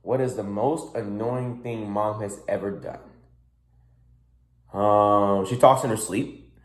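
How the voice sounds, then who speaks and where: A young man speaks in a mid-range voice in an echoey room. He answers questions at a measured, thoughtful pace. His voice sometimes trails off softly. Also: lowish voice, fairly even intonation. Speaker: sibling guest. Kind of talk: casual vlog answers.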